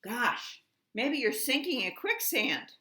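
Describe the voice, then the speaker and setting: A woman's voice: a little high, big pitch swings, takes it slowly, bright, forceful tone, echoey room, pitched above the performer's own voice, heavily acted. A woman voicing a brave, kind little boy who sounds eager and anxious.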